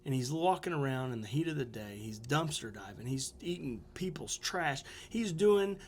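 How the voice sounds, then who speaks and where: A man's voice: mid-range voice, normal speed, a little hiss or hum. A man, a small-town entrepreneur, telling a story as a podcast guest in a casual way, acting out what people said and leaning on fillers like "you know.". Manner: animated storyteller who acts out quoted dialogue.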